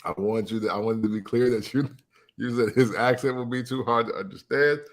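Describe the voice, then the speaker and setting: A man's voice: mid-range voice, brisk. A man co-hosting a casual podcast, laid-back and laughing often. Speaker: podcast co-host.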